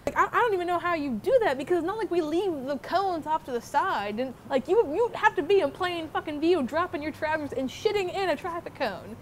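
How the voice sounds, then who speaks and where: A young adult woman telling a story about her old job to the camera in a casual, animated way, swearing often. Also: extremely high pitch, a little fast, hardly any pauses. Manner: profane, animated, swears freely. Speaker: former theme park worker telling her story. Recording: noisy background.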